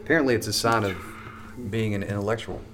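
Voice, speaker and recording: A man's voice: on the low side, fast talker, noisy background. A man who does stand-up comedy, chatting as a podcast guest in a comedy club, joking and rambling with plenty of profanity. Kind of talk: casual joking chat.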